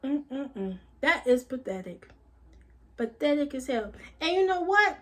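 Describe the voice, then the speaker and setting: A woman vlogger with a high-pitched voice delivers a casual spiritual monologue. She is blunt and emphatic, swears without holding back, and repeats phrases to hammer her point. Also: sing-song, unhurried.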